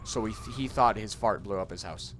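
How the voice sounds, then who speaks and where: A man's voice: fairly low pitch, moderate pace, fairly bright tone, slight background noise. Rambling young man telling a story. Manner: rambling, restarts, swears freely. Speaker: let's play co-host. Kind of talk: casual gaming chat, storytelling.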